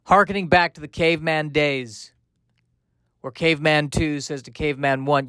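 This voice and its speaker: Man hosting a podcast, rambling, slightly high voice, dry close mic. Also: steady tone, moderate pace, sharp tone, clean tone, no echo. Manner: rambling, tangent-prone, many fillers. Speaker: podcast host. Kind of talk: rambling solo comedy podcast.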